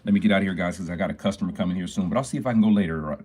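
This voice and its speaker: A man's voice: low voice, very fast, darkish tone, slight background noise. A man, a jeweler, chatting casually and upbeat with viewers on a phone live stream from his shop. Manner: talkative and upbeat, greets viewers often.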